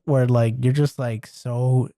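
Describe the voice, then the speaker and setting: A man's voice: medium pitch, steady tone, slow pace, warm tone. A young man co-hosting a podcast with a stuffy nose, telling rambling stories and laughing often. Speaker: podcast co-host. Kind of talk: casual chat.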